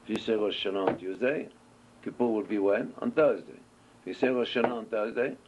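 A man's voice: lowish voice, a little fast. A man with teaching a Torah class, asking questions and answering them as he tells stories. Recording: dull lo-fi recording with faint noise.

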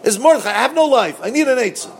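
Guy doing a whiny villain begging for help, squeaky high and gravelly. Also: lively intonation, racing, heavily acted. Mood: pleading. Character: desperate scheming male villain begging for advice.

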